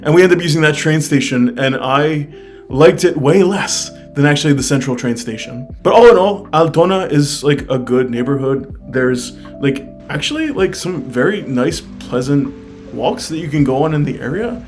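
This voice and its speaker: A man's voice: on the high side, lively intonation, moderate pace, a little mellow, soft background music. A young man from the United States chatting casually in a travel vlog, candid and upbeat, full of fillers. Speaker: travel vlogger.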